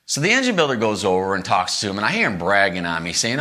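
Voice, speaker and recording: A man's voice: quick pace, hardly any pauses. A middle-aged man hosting a podcast, telling a story from the road in a casual way and acting out the quoted lines. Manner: animated, acts out quoted lines with big pitch jumps.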